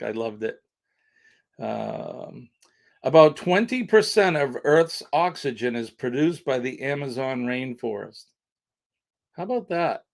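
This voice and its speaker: A man's voice: mid-range voice, vocal fry. A man hosting a casual live stream, chatting with viewers in the comments.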